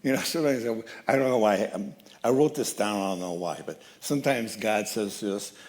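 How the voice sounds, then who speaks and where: A man giving a sermon as guest speaker at a church, telling a story with lively changes of voice. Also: on the low side, fairly quick. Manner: animated storyteller, acts out quoted voices. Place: church sanctuary.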